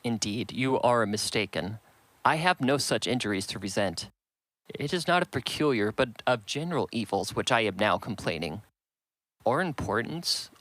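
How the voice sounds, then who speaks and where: A man's voice: medium pitch, a bit bright, dry recording, close to an everyday voice, low-quality recording. A man reading the part of an earnest, sensible young woman in an audiobook, pleading her case.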